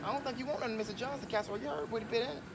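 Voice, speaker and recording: A man's voice: very high voice, very fast, very noisy. A man playing a brash, jealous ex who curses, blusters and pleads with his child's mother in a comedy sketch. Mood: scolding. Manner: loud, cursing, wheedling and blustering. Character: brash jealous ex-boyfriend and father.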